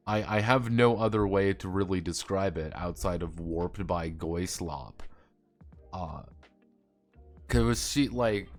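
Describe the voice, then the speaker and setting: A male streamer in a casual, rambling, sarcastic rant, swearing often and trailing off with fillers. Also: lowish voice.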